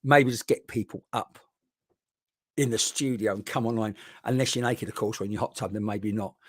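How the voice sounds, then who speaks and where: Bloke medium rambling on a livestream, chatty, keeps restarting, dry boom mic sound. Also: male voice, normal speed, no room sound. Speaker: spiritual medium. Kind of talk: live online mediumship session.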